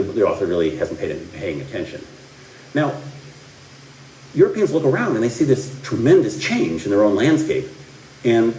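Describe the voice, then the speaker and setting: A man's voice: lowish voice, a little mellow, a little hiss or hum. Middle-aged man lecturing from afar. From American Midwest. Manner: discursive, many fillers and restarts, dry asides. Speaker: history lecturer. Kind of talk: recorded classroom lecture. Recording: roomy, distant lecture-hall recording.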